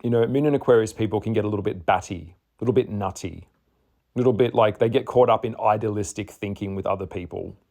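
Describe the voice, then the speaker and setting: Candid, chatty low-voiced man. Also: fast talker, creaky, darkish tone. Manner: candid, chatty, swears, laughs often. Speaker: astrologer. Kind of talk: casual spoken chart reading.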